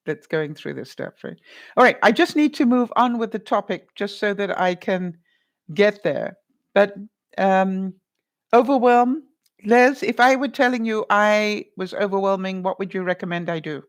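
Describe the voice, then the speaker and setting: With a medium-pitched, animated voice at a moderate pace, a woman vlogger hands out advice while chatting live with viewers. She calls them honey and by name, rambling and tossing in asides as she goes.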